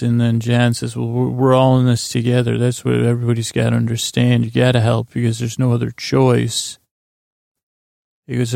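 A man's voice: creaky, dark tone, no room sound, clean studio sound. A man hosting a podcast, casually recapping a TV episode in a meandering, mumbling way with many fillers and restarts. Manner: mumbling, low-key delivery. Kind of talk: casual sleepy recap, paraphrasing scenes.

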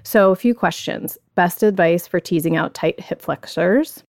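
A woman's voice: fairly low pitch, measured pace, no echo, studio quality. A woman hosting a podcast, chatting casually and reading out listener questions in a friendly way. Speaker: podcast host.

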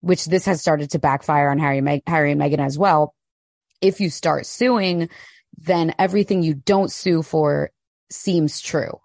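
A woman's voice: deep voice, steady tone, normal speed, a little mellow, no room sound, studio quality. A young adult woman co-hosting a podcast in casual chat, blunt and heated, swearing freely. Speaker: podcast co-host.

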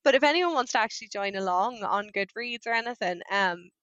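A woman chatting casually as a book podcast co-host, animated and quick to laugh. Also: mid-range voice, no room sound, muffled recording.

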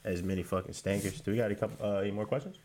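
A man's voice: fairly low pitch, steady tone, rapid-fire, a little mellow, slight background noise. A man co-hosting a podcast, talking bluntly and casually, with some swearing. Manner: blunt, profane, laid-back. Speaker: podcast co-host. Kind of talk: casual wrestling chat.

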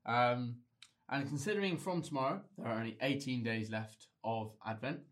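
A man's voice: mid-range voice, moderate pace. A man co-hosting a podcast in a studio, chatting in a playful, storytelling way. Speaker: podcast co-host. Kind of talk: casual chat.

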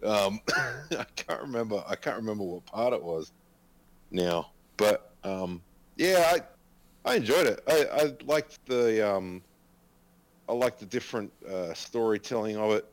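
A man's voice: on the low side, animated, measured pace. A man co-hosting a podcast in casual chat, hesitant and full of restarts, laughing and swearing as he talks. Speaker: podcast co-host.

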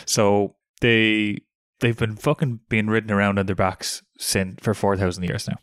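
A man's voice: on the low side, little pitch movement, moderate pace, no echo. A man co-hosting a podcast in casual chat, trading dry jokes and swearing casually. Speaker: podcast co-host.

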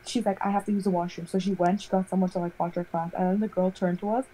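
A young woman in casual chat, telling a rambling, animated story full of "like". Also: fairly low pitch, quick pace, slight background noise, rough recording.

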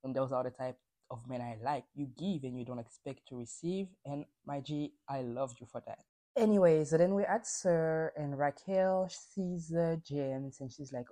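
A woman's voice: very deep voice, moderate pace, mellow. A woman hosting a podcast, recapping reality TV in a casual, opinionated way, swearing freely and acting out quotes. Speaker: podcast host.

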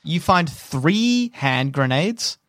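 A man narrating as game master in a tabletop role-playing game, unhurried and descriptive, with frequent restarts. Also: a little high, very animated, a bit bright, dry recording, studio quality.

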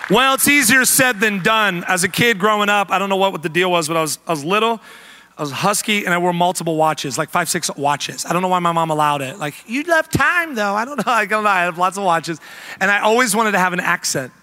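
High, bright-voiced joking pastor. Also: male voice, fast, some chatter behind. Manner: animated, joking, preachy call-outs. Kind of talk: humorous sermon.

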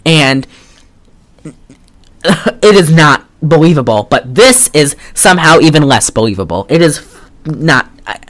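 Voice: medium pitch, lively intonation, a little slow, pauses often, fairly bright tone. A podcast co-host recapping a film in casual chat, rambling with lots of "like" and wry, sarcastic asides. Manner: trails off and restarts often.

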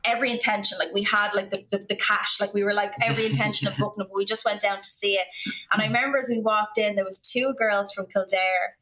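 A young woman with an Irish accent tells a long story to a podcast host, wandering through it with constant fillers. Her voice is bright and forceful. The remote call audio sounds muffled and lo-fi. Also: medium pitch, steady tone, fast talker. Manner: rambling, filler-heavy, lots of "like". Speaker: podcast guest. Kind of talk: storytelling in casual conversation.

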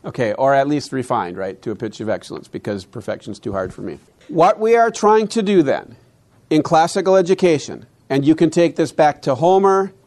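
A man lecturing with the drive of a preacher. His voice sits a little higher than most men's. He keeps asking his listeners rhetorical questions and swings between quick asides and slow, stressed phrases. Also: lively intonation, a little mellow. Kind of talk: conference lecture on classical education.

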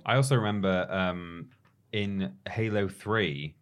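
A man's voice: low-pitched, a little slow, clear, resonant tone. A man co-hosting a gaming podcast, speaking casually and meandering with many fillers. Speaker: podcast co-host. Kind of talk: casual chat.

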